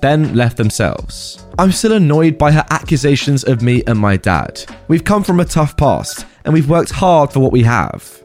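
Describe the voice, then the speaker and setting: A man reads online stories aloud and adds chatty, incredulous commentary. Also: medium pitch. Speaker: story narrator.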